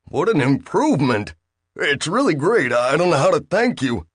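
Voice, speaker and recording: Jumpy young hero with a shrill, pleading voice, put on by a man; dry recording. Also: very animated, moderate pace, slightly rough, no echo. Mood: anxious. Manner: high, anxious, pleading.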